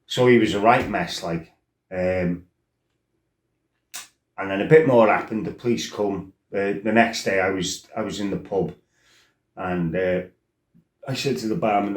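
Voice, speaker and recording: A man's voice: on the low side, measured pace, pauses often, reverberant. A man with a blunt, sweary, rambling way of telling stories in a casual chat. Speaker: storyteller. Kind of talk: casual storytelling.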